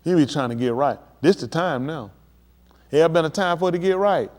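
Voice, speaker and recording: A man preaching on a livestream, emphatic and addressing his listeners directly, building to excited peaks. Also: fairly high pitch, brisk. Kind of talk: livestream preaching on world events.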